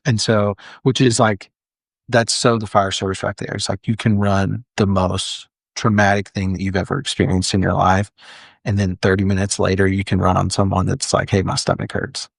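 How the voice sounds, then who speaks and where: Young adult male, lower register, dry studio sound; earnest interview guest recounting a story. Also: little pitch movement, normal speed, creaky, no room sound. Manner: earnest, frequent "like" fillers and restarts. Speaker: firefighter guest. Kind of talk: candid storytelling in a podcast interview.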